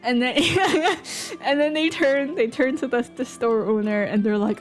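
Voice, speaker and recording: A woman's voice: high voice, a little slow. A woman streaming, chatting casually with viewers in a rambling, playful way full of fillers and restarts. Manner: playful, giggly. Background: faint background music.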